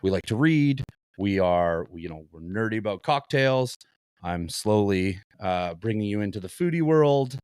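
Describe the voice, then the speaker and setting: A man co-hosting a podcast, telling animated anecdotes with swearing and laughter. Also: on the low side, normal speed, smooth, dry recording, clean studio sound. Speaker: podcast co-host. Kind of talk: casual podcast chat and storytelling.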